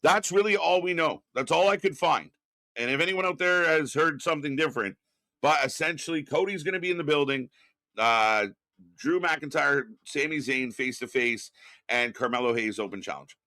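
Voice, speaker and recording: A gravelly, bright, forceful voice pitched fairly high belongs to a middle-aged man live streaming from his home studio, recorded dry. He reads out viewer chat and greets people in a rambling, casual way, full of fillers and restarts, with occasional swearing.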